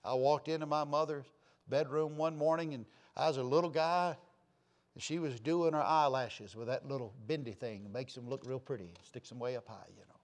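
A man's voice: mid-range voice, brisk. Impassioned man preaching a sermon. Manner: impassioned, swinging between loud declarations and soft asides; rhetorical questions to the listeners.

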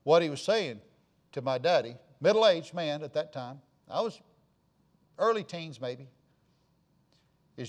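A man, a pastor preaching a sermon and telling stories, going from hushed asides to loud emphatic lines. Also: on the high side, lively intonation, a little slow, pauses often. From Florida.

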